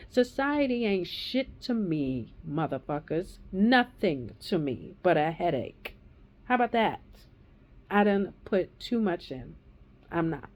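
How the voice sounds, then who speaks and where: A woman's voice: medium pitch, animated, a little slow, darkish tone. A woman in her thirties or forties giving a raw, angry personal testimony, ranting and swearing heavily. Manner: heated, profane ranting. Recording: dull lo-fi recording.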